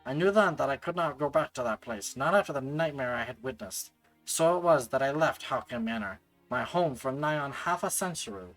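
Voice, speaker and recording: A man voicing an elderly, grieving household servant from a game, in a gravelly put-on voice with a Scottish accent, in a low, hushed storytelling tone. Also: animated, brisk, faint music behind, natural voice, poor audio. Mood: somber. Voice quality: gravelly gremlin voice. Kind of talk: reading game dialogue aloud.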